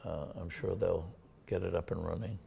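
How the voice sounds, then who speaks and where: An older man with a Massachusetts accent, a town administrator talking in a casual local TV interview, halting with many fillers and restarts. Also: deep voice, steady tone, vocal fry, warm tone, slightly rough.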